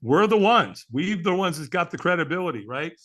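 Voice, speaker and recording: A man's voice: fairly high pitch, very animated, a little fast, fairly bright tone. A man telling a personal story as an interview guest, in a candid, earnest way, often adding "man".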